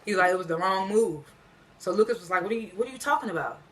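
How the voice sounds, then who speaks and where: A woman recaps a TV episode in a casual, slangy way, retelling scenes as loose quotes and rambling with frequent fillers and self-corrections. Her mid-range voice is expressive and fast, with a little hiss or hum.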